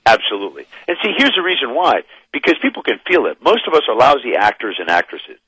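A man talking as a guest expert in a radio interview, explaining with animated emphasis. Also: mid-range voice, fast talker, breathy edge, no echo, poor audio.

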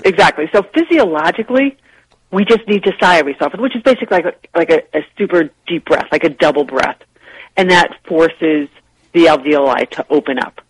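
Lively woman guest on a radio show. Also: low-pitched, a little fast, breathy edge, no echo, rough recording. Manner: lively, explanatory, laughs easily. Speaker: guest, publishing executive. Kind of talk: casual radio interview.

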